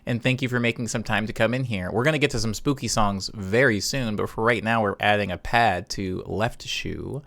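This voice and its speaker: A man's voice: fairly low pitch, steady tone, moderate pace, vocal fry, hardly any pauses, a bit bright. A man casually chatting on a live stream from his home studio while producing music, humming and scatting notes aloud as he works. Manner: chatty, hums and scats chord notes aloud.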